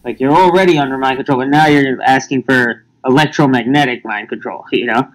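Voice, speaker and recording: A man's voice: medium pitch, a little fast, poor audio. A man in casual podcast chat, talking in an emphatic, insistent way. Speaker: podcast guest.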